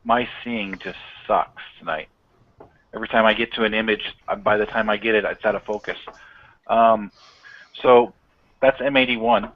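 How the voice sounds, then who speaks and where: A man's voice: lowish voice, very animated, moderate pace. A man, an amateur astronomer guest, talking frankly and self-deprecatingly about his equipment on a live stream. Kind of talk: casual live-stream chat. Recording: tinny phone-like call audio.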